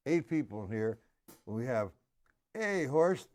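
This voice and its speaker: A man teaching drums on a live stream, counting the beats out loud and making gruff, cussing asides to his viewers. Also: medium pitch, very animated, slow pace. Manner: counts beats aloud loudly, gruff asides and mild swearing. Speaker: drum teacher. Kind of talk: live-streamed drum lesson.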